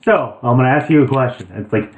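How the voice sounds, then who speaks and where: A man's voice: mid-range voice, fast talker. A man playing a tabletop game, chatting casually and stumbling over restarts. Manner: rambling, with frequent restarts. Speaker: player. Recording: tinny, echoey call audio.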